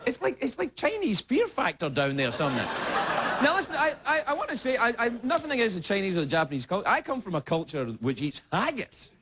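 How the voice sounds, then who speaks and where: A Scottish late-night host in his forties, riffing through a rambling comic monologue. His voice sits high for a man and swings widely in pitch. Loud studio noise fills the air behind him. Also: huge pitch swings, fast. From Scotland. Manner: rambling, self-interrupting storytelling with frequent laughs. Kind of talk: comedic monologue.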